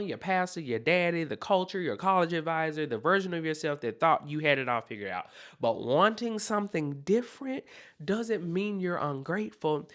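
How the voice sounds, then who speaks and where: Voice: medium pitch, a bit bright. A podcast host giving a motivational monologue, speaking emphatically, repeating key points and often checking in with listeners. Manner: loose, conversational delivery with self-corrections.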